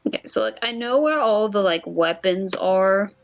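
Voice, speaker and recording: A woman's voice: medium pitch, animated, moderate pace, gravelly, lo-fi sound. A young woman streaming a game, chatting casually with lots of "like".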